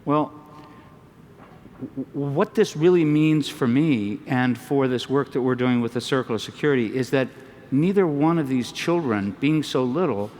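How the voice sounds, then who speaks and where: Gentle man telling a story in a hall. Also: mid-range voice. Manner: gentle, unhurried storyteller with pauses and "um"s. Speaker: panel speaker, psychologist. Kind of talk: storytelling talk. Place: large lecture hall. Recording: distant mic in a large reverberant hall.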